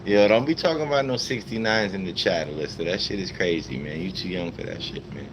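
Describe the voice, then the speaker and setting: Deep-voiced man chatting on a live stream. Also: lively intonation, a little fast. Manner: loose, profane, talks to chat by name. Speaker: livestreamer. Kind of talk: casual live stream chat. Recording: background noise.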